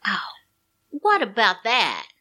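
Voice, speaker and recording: A woman co-hosts a casual podcast, reacting to each turn of a story with exclamations and laughs. Her voice is bright and swings lively up and down in pitch. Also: takes it slowly. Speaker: podcast co-host. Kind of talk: casual chat.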